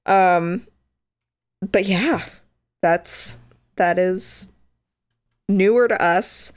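A woman's voice: fairly low pitch, drawn-out words. A young woman co-hosting a podcast in casual, chatty talk, often filling her sentences with "like". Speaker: podcast co-host. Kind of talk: casual chat.

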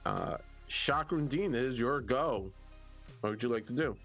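A man of middle pitch running a tabletop game over voice chat. He halts often with "uh" and "um" while he checks rolls, and faint music plays behind him. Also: expressive, fairly bright tone. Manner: halting, fills pauses with "uh" and "um" while checking rolls. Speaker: game master.

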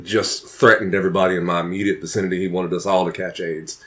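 A man's voice: sits low, little pitch movement, fast, a crowd in the background. A man on a podcast, chatting casually with a blunt, emphatic, profane manner. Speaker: podcast co-host. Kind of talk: casual chat.

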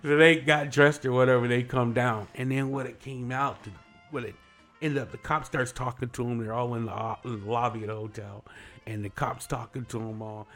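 A middle-aged man, a guest on a morning show, telling a story in casual chat. He is animated, laughs often and acts out what people said. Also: medium pitch, brisk, soft background music.

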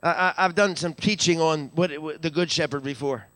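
High, bright-voiced preaching pastor. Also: male voice, a little fast, no room sound. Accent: Western Pennsylvania. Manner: repeats words when building up, calls out hallelujah. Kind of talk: live church sermon. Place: church sanctuary.

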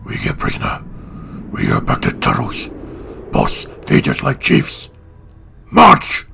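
A man voicing a gruff, bossy hobgoblin leader in broken speech, barking orders at his goblin band. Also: mid-range voice, very animated, a little slow, over music, pitched above the performer's own voice, full character voice. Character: brutal male hobgoblin leader, large, scarred, gruff.

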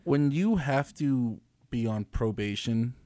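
A man co-hosting a casual podcast, trading quick wisecracks and questions. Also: mid-range voice, expressive, mellow, dry recording. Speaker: podcast co-host. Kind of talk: casual chat.

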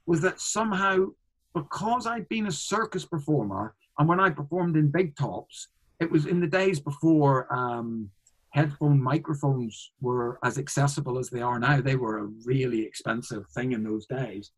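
A man's voice: mid-range voice, normal speed, poor audio. A man, a comedian, telling a story in a casual interview, rambling with frequent restarts and fillers. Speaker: guest, comedian.

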